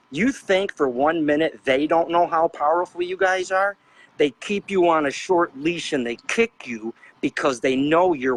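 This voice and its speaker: A man's voice: on the high side, fairly bright tone, breathy edge, low-quality recording. A middle-aged man on a panel show, ranting with fiery, preachy anger and firing off rhetorical questions as a trucker advocate. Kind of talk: impassioned rant.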